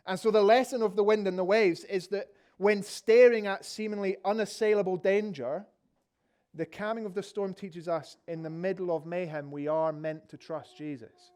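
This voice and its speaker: A man's voice: high-pitched, a little mellow. A middle-aged Scottish man preaching a sermon, telling the story vividly and asking rhetorical questions. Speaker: pastor.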